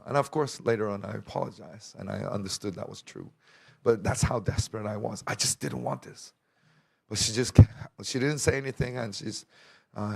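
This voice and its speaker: A man's voice: lowish voice, vocal fry. A young man giving a personal testimony to a church congregation, telling his story with emotion and acting out the dialogue.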